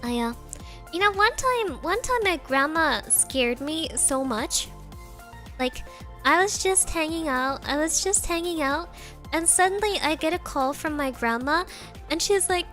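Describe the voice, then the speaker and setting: A woman's voice: high voice, measured pace, soft background music. A young woman telling stories casually on a livestream, full of fillers and the odd Japanese word. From Germany. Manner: animated, many fillers, sprinkles Japanese words. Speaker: streamer.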